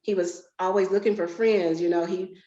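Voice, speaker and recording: A woman's voice: lowish voice, steady tone, normal speed, mellow. A woman, candidly telling a personal story in a conversational way. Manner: candid, conversational, emotional at times. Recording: roomy, dull lo-fi sound.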